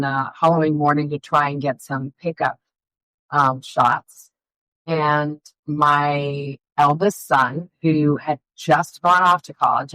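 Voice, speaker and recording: A woman's voice: low-pitched, no echo, low-quality recording. A middle-aged woman, a filmmaker guest, telling rambling family stories in a casual interview. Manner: rambling, animated storytelling with fillers.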